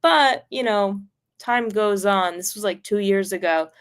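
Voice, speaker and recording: A woman streamer telling a personal story casually, rambling and filled with "like", swearing freely and getting animated. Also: mid-range voice, a little slow, clean tone.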